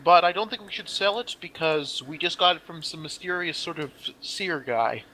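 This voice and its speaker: A man's voice: a little high, moderate pace, sharp tone, a little hiss or hum, poor audio. A man playing a tabletop game, chatting casually and joking. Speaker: player.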